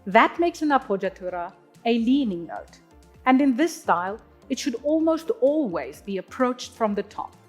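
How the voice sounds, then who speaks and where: Lively high-voiced woman teaching singing. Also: normal speed, soft background music. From South Africa. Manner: clear teacherly explaining, demonstrates Italian words. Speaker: opera singer teaching. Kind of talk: instructional talk on singing.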